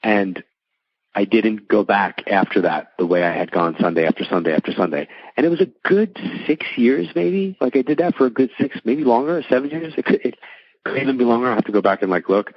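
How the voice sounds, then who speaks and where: A man's voice: on the low side, fairly quick, no echo, lo-fi sound. A middle-aged man, a psychic medium telling stories in a casual interview, chatty and full of likes and restarts. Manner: chatty, many likes and restarts, acts out quoted voices.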